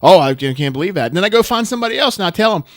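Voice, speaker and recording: A man co-hosting a casual chat show, telling stories in an animated way and getting loud and worked up as he goes. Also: high voice, rapid-fire, no room sound, clean studio sound. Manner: animated storyteller, gets loud and riled up. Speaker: podcast co-host.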